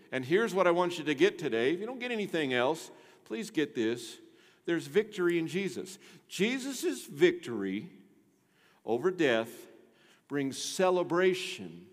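A man delivering a sermon in a church sanctuary, his fairly high voice ringing out with a long echo from the hall. He preaches with energy, jumping from loud emphatic lines to quiet, hushed asides to the listeners. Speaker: pastor. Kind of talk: Easter sermon. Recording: long reverb of a large hall.

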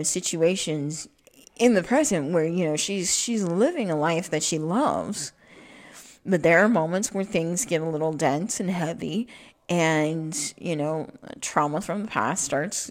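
A woman talking through her thoughts in a rambling, reflective monologue, halting often with fillers and restarts. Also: fairly low pitch, a little mellow.

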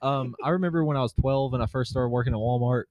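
Hesitant man with a steady voice. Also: mid-range voice, fast, highs cut off. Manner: hesitant, awkward storytelling. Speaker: podcast co-host. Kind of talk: casual chat.

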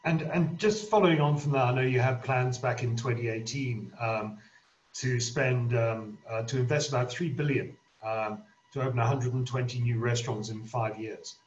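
A man's voice: medium pitch, normal speed. A man interviewing a business guest over a video call, asking polite questions. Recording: roomy, dull video call audio.

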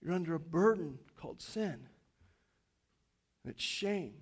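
A man in his fifties preaching a sermon in a church, animated, acting out inner voices and swinging from loud to quiet. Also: fairly high pitch, a little slow, slightly rough. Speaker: pastor.

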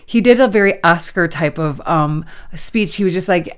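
Chatty woman telling a story, animated. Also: on the low side, moderate pace, clean tone. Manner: animated storyteller, acts out quotes. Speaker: podcast co-host. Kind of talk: casual chat.

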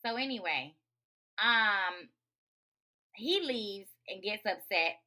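A woman hosting a podcast, talking in a profane, emphatic, animated rant. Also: medium pitch, takes it slowly. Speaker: podcast host. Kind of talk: casual ranting monologue.

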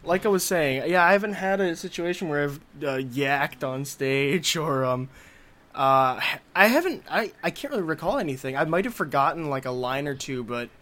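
A man's voice: on the high side, animated, normal speed. Hesitant young man, casual podcast chat. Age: young adult. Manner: hesitant, trailing off quietly. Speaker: podcast co-host.

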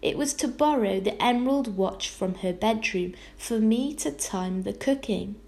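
A woman reading aloud, voicing a fretful, tearful tiny mother who frets and scolds in a raised, slow voice. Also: a little high, gravelly, mellow. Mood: self-reproaching. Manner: fussy, tearful, easily alarmed. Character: anxious fretful tiny mother, middle-aged.

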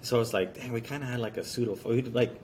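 A man's voice: medium pitch, steady tone, quick pace, darkish tone, a little hiss or hum. A man co-hosting a casual podcast, telling loose stories full of fillers. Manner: rambling storyteller, many fillers. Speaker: podcast co-host. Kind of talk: casual chat.

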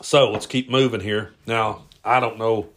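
A man's voice: on the low side, fairly even intonation, a little slow, a bit bright. A man, hosting a podcast and answering listener questions in a casual, rambling way full of "uh"s and restarts. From Appalachian Kentucky-Tennessee border. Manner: rambling, frequent "uh" and repeats. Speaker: podcast host.

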